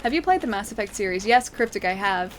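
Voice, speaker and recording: A woman's voice: mid-range voice, animated, quick pace, a little hiss or hum. A woman game streamer chatting casually with viewers, enthusiastic and full of fillers. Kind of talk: casual chat answering viewers during a live stream.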